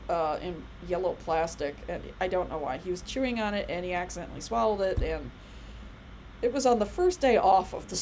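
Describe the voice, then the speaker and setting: A woman's voice: lowish voice, darkish tone, slight background noise, low-quality recording. A woman in her thirties giving a casual biology lecture, chatty and rambling with many fillers and asides. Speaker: college biology instructor.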